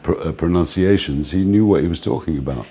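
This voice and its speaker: Older man, extremely low voice, mellow dark tone, relaxed reminiscing interview storyteller. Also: fairly quick. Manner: relaxed, reminiscing, often says "man", laughs between points. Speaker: music manager interviewed.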